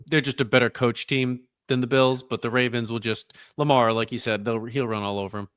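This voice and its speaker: A man's voice: mid-range voice, fairly even intonation, brisk, fairly bright tone, clear, resonant tone, no echo. A man with a Boston accent and a mid-range voice, recorded dry and close. He drops crude, blunt one-liners into casual podcast banter with his friends. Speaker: podcast co-host. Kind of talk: casual sports chat.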